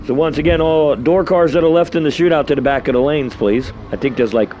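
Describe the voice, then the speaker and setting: A man's voice: fairly high pitch, fairly quick, warm tone, slight background noise. A man with a New York accent calling results at a drag race, chatty and rambling with asides between runs. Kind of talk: live race commentary. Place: outdoor drag strip.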